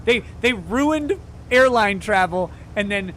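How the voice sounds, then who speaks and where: A high-voiced man rants loudly and laughs often as he reads out viewer messages on a game stream. He swings from shouting to muttering. A faint hum sits behind him. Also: animated, slow. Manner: loud, laughing, exaggerated rants. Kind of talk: casual ranting commentary while gaming.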